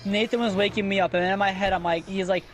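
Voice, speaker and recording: A young man in a casual voice chat with friends, telling an animated story, swearing freely and getting defensive. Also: high-pitched, quick pace, noisy background.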